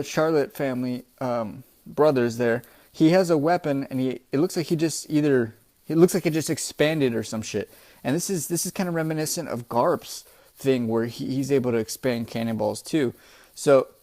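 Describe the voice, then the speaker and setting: A man's voice: mid-range voice, a little mellow. A man giving a casual, profane manga chapter review as host, rambling with frequent restarts and calling listeners bro and dude. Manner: profane, laid-back, says "bro" and "dude" a lot; rambling, many restarts and fillers.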